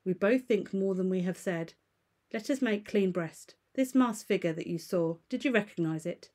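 A woman voicing a calm male lawyer who reasons in a measured, formal way in a storybook reading. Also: mid-range voice, natural voice. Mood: grave.

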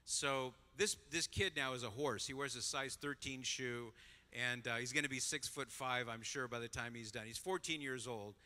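A man's voice: medium pitch, normal speed. A middle-aged man speaking at a conference, telling a story to an audience and acting out the voices of the people in it. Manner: animated storyteller, acts out voices. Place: large conference hall. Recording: long hall reverb.

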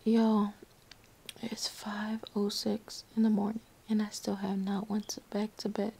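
A woman's voice: medium pitch, completely flat delivery, unhurried, vocal fry, mellow, a little hiss or hum. A young woman in pain after surgery, whispering a late-night vlog into her phone in her living room, weary, sighing and out of breath. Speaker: vlogger.

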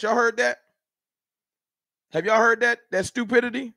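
High-pitched, fired-up fan show host. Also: male voice, fairly even intonation, a little fast, gravelly, long pauses, bright, forceful tone, no echo, studio quality. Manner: heated, rhetorical, talks straight to chat. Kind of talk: animated live-stream sports rant.

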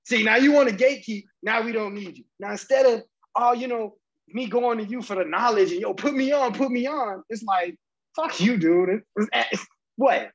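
Husky-voiced man ranting. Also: high-pitched, moderate pace, highs cut off. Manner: heated, profane ranting. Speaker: podcast co-host. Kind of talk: casual chat.

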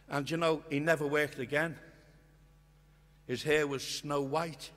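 An older man giving an impassioned storytelling speech at a union conference, earnest and swinging from hushed to loud. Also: mid-range voice. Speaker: guest speaker at a union conference. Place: conference hall. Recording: long reverb of a conference hall.

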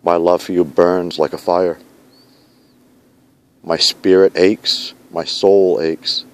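This man's voice sits low and has a darkish tone. He's a vlogger speaking to his fiancée in a heartfelt video recorded outside in a snowy park at night, pleading earnestly and repeating vow-like phrases.

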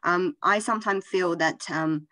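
Low-voiced woman from China, hesitant. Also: unhurried, bright, forceful tone, no echo. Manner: hesitant, many fillers. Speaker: webinar moderator asking questions.

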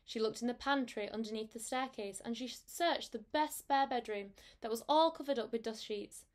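A woman teacher reading a storybook aloud to her class in a gentle, unhurried way. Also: a little high.

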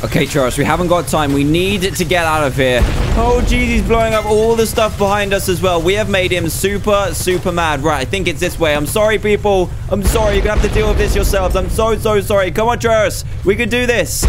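A young man commentating on gameplay in a high, animated voice. He gasps and exclaims constantly, and soft music plays in the background. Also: normal speed. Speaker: gaming youtuber.

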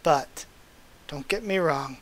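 A man's voice: fairly high pitch, slow, a bit bright. A man reading aloud the lines of a remorseful woman, a former caretaker mother, from a comic, in his own plain voice. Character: remorseful former caretaker mother who turned against her master.

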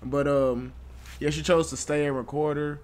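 A man's voice: a little high, little pitch movement, normal speed, a little mellow, a little hiss or hum. A young man hosting a reaction video, joking bluntly and swearing in casual commentary. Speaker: YouTube reaction host.

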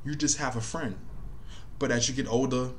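A man's voice: mid-range voice, steady tone, normal speed. A man gives casual commentary straight to the camera. He talks in a loose, wandering way, full of "like" and "you know". A faint hiss sits under his voice. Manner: conversational, loose, thinking aloud with many fillers. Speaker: commentary host.

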